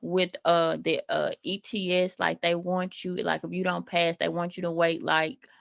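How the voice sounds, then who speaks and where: Low, gravelly woman in a dry room. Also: flat delivery, moderate pace, no echo, dull audio. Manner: frank, hesitant with many uhs. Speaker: student. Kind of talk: classroom discussion.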